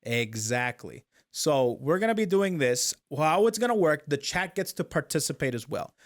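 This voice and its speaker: A man's voice: fairly high pitch, sing-song, moderate pace. A man hosting a casual talk stream, walking his guest through the rules step by step and checking in with "okay?". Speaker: talk show host. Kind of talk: casual chat.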